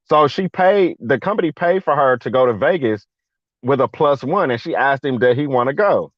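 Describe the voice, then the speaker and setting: At a moderate pace and medium pitch, this guest veteran relates a long personal story in a relaxed chat. He's animated and slangy, voicing the people he quotes, on a dull, dry lo-fi recording without echo.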